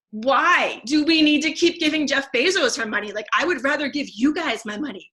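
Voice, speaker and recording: In a high-pitched, pushed and bright voice, a teacher who sells essential oils shares a casual testimonial. The woman, in her thirties, gushes about how the selling helped her, restarting often and using lots of fillers.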